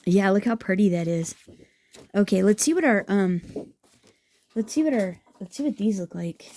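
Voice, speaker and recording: Woman, mellow warm tone, casual craft tutorial, chatty, enthusiastic, thinking aloud. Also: mid-range voice, expressive, moderate pace. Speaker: craft vlogger.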